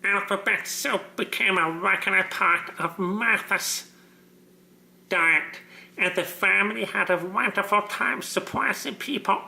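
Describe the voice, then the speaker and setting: A man voicing a childlike sock puppet that reads a picture book aloud in a slow, sing-song way. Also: high-pitched, vocal fry, pushed and bright, reverberant, full character voice. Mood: playful.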